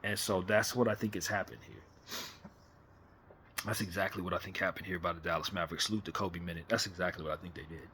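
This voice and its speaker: A man's voice: low-pitched, fast talker, sharp tone, a little hiss or hum. A man hosting a casual late-night fan chat on camera, talking animatedly and rhetorically, often repeating himself. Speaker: fan commentary host.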